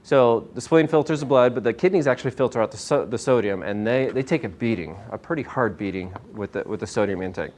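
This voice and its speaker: A man's voice: medium pitch, fast, few pauses. A man giving a casual health talk to a small live audience, upbeat and a bit hyper, firing questions at the listeners. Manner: energetic, asks the audience questions, self-described hyper. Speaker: chiropractor giving a nutrition talk. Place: small meeting room with an audience.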